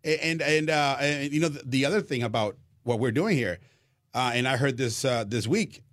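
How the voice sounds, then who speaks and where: Lively man. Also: medium pitch, normal speed, no room sound, clean studio sound. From Mexico. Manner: lively storyteller, repeats words, laughs easily. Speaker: Spanish-language baseball broadcaster, guest. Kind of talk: casual radio interview.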